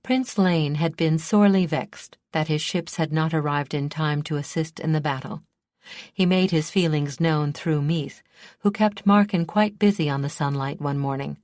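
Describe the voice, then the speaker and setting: A woman with a low voice reads a fantasy audiobook at an even, measured pace. The recording is dry and close, with no room sound. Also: no echo. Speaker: audiobook narrator. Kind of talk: scripted narration.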